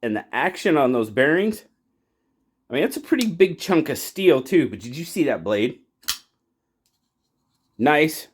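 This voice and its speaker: Guy doing a chatty knife review, voice swings up and down a lot, bit higher pitched, gets all excited over details. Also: measured pace, pauses often, a little hiss or hum. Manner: enthusiastic, chatty, exclaims at details. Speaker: knife reviewer and channel host. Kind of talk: casual product review.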